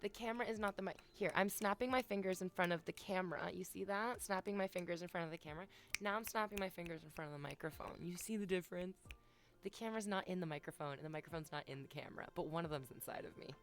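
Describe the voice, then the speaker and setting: A woman's voice: fairly low pitch, fast talker. A woman streamer chatting casually at home, playful and teasing, talking straight to her viewers. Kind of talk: casual live-stream chat. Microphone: desk microphone, off camera.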